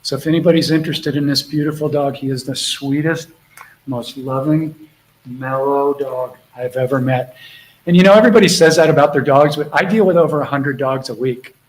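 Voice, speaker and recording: A man's voice: mid-range voice, a little fast, a little hiss or hum, poor audio. A middle-aged man hosting a live spiritual Q&A from home, chatting casually and affectionately with viewers. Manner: affectionate, rambling, talks softly to his dog. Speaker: host of a live spiritual Q&A call. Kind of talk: casual live-stream chat.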